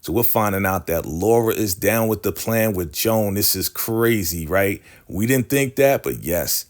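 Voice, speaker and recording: Man, low voice, casual recap host, slangy, chatty asides. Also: expressive, a little slow. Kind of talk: casual episode recap commentary.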